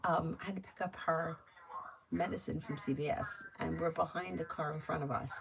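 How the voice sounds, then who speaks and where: A woman giving casual tarot readings on a live stream, chatty and quick to laugh, with lots of fillers. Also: sits low, steady tone, creaky, noisy background. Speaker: tarot reader.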